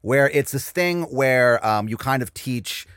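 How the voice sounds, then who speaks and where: A man's voice: medium pitch, measured pace, smooth, no echo, clean studio sound. A man from Northern Virginia, a stand-up comedian guesting on a podcast, telling stories in casual chat with many "like" fillers. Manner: animated storyteller, many "like" fillers.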